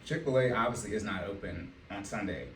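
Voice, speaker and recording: A man hosting a casual podcast and working as a financial coach, telling animated stories and laughing often. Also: lowish voice, fairly quick. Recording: echoey room, mic at a distance, faint noise.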